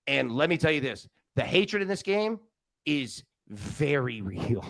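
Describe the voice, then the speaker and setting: Lively, rambling sports betting host. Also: male voice, mid-range voice, measured pace, gravelly, dry recording. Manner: rambling and joking, with frequent restarts. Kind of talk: casual live show chat. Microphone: studio mic on a live stream.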